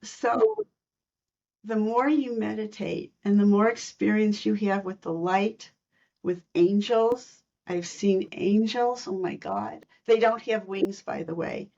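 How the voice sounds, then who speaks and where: A woman guest telling personal stories in a podcast interview, lively and laughing between lines. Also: mid-range voice, slow, dull audio. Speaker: guest, intuitive reader.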